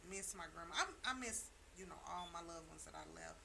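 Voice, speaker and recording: A woman co-hosting a podcast in casual chat, telling family stories in a lively way and acting out the voices she quotes. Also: on the low side, brisk, creaky. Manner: animated storyteller, acts out quoted voices. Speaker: podcast co-host. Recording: noisy background hiss.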